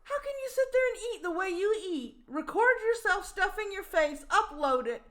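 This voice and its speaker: Brief: woman streamer, high voice, exasperated and sweary, casual reaction rant. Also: lively intonation, normal speed, a bit bright. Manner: profane, mocking, exasperated.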